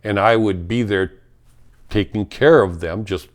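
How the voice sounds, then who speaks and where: Man, middle-aged, low-ish voice, slow delivery, frank rambling talk, fillers and restarts. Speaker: spiritual talk host and former firefighter. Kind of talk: casual spiritual monologue.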